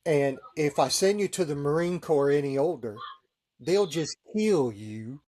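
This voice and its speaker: A man putting on a blunt, joking male Navy detailer with a Texas drawl, pitched a little higher and louder than his own voice. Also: animated, measured pace. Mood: joshing.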